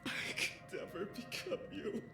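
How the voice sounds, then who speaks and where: A woman voicing a remorseful, broken young man in a game playthrough, speaking in a hushed, halting, half-whispered voice. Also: natural voice. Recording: roomy echo over game music.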